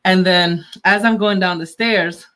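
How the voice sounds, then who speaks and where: A woman co-hosting a tech podcast in casual chat, talkative and quick to laugh, acting out the lines she quotes when telling a story. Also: fairly low pitch, steady tone, fairly bright tone. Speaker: podcast co-host.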